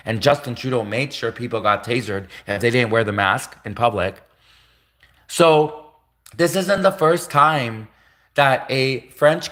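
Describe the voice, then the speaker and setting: A man's voice: medium pitch, fairly bright tone. A man hosting a livestream, ranting heatedly and repeating his points for emphasis. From Canada. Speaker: livestream host.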